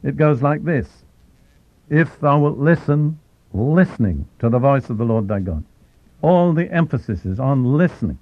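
A man giving a sermon as a Bible teacher, deliberate and slowing down to stress key phrases. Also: medium pitch, expressive, dry recording. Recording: tinny phone-like, dry.

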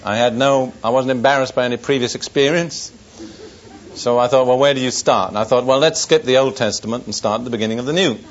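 An older pastor delivers a sermon testimony at a church service, recounting a personal wartime story with dry wit to the gathered congregation before moving into solemn warnings. He speaks quickly at a middle pitch, and the recording sounds dull and lo-fi.

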